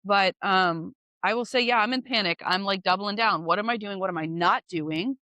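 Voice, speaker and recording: Bright, animated woman real estate agent. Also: mid-range voice, moderate pace, no room sound. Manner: animated, chatty, laughs easily; goal-driven, candid. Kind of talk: casual interview chat.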